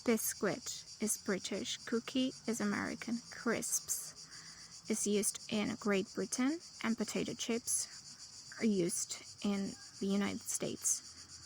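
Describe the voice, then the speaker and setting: A woman teaching English vocabulary, slowly listing word pairs one after another. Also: medium pitch, vocal fry, a little hiss or hum, rough recording. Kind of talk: vocabulary lesson.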